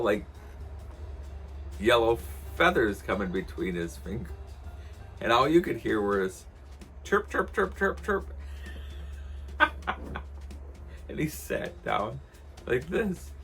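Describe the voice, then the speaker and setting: A man's voice: fairly low pitch, measured pace, pauses often, a bit bright, soft background music. A man chatting casually on his vlog, telling a rambling story with chuckles. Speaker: vlogger.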